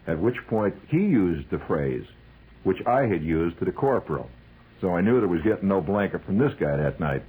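A man telling a comic, wry story about army life, acting out the shouted calls. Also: sits low, sing-song, moderate pace, breathy edge, rough recording.

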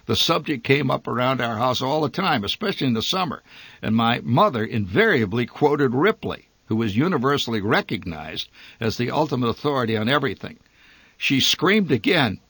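A man reading a humorous memoir story aloud, with a wry, dry and lively delivery. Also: mid-range voice, moderate pace, breathy edge, no room sound. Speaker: narrator.

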